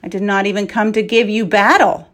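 A woman voicing a calm young male knight with a dry wit in a storybook, speaking firmly and evenly. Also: mid-range voice, fairly quick, natural voice.

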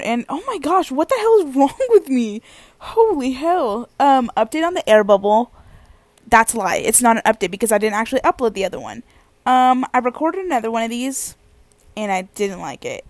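A woman's voice: fairly high pitch, lively intonation, moderate pace, no room sound. A young woman vlogging while lying on her bed, chatting casually in a rambling, self-deprecating, giggly way. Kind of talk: casual chat.

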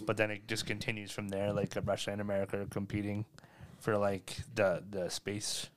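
A young man from Canada, chatting casually in a relaxed, rambling way. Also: fairly low pitch, a little fast. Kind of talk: casual chat.

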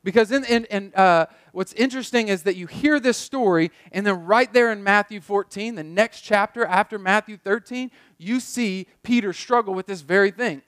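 A man with a noticeably high voice preaches a sermon in a relaxed, chatty storytelling manner. He often restarts and repeats words mid-thought. The sound is dry and close, with no room echo. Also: moderate pace, few pauses. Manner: conversational storytelling, repeats words while thinking. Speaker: pastor.

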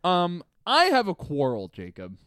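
A young man from Canada co-hosting a podcast, excitable and profane, laughing often in casual banter. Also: high-pitched, unhurried, clean tone. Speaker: podcast co-host.

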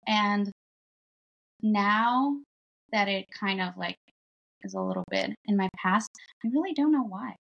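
Gravelly, animated woman guest. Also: medium pitch, measured pace, pauses often, dull audio. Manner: animated storyteller acting out quoted exchanges. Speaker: podcast guest. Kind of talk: casual chat.

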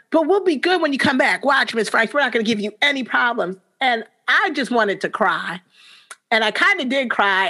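A woman's voice: fairly high pitch, bright, forceful tone. A middle-aged woman, a teacher, telling earnest personal stories as a podcast guest, her voice jumping up when she quotes the children. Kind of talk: personal storytelling in a podcast interview.

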